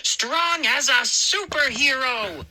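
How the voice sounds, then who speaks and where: A woman's voice: high-pitched, noisy background, pitched above the performer's own voice. A woman doing a bellowing wild boy bully. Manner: bellowing, slow and heavy.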